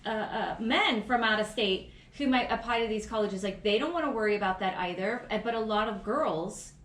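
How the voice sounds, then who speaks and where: A woman's voice: medium pitch, normal speed, a bit bright, distant mic. A woman co-hosting a podcast in casual chat, giggly and chatty, often trailing off mid-thought. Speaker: podcast co-host. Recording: roomy echo.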